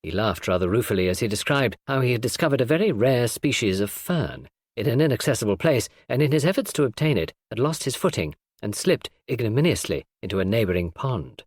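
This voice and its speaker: A man narrating a classic novel in a measured storytelling read. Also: medium pitch, expressive, dry recording, clean studio sound. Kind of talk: audiobook narration.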